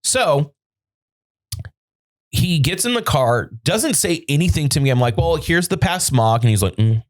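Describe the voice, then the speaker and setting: Speaking a little slowly in a slightly high voice, a male podcast host in a studio relates a story in relaxed conversation. He curses a lot and animatedly performs the dialogue he quotes.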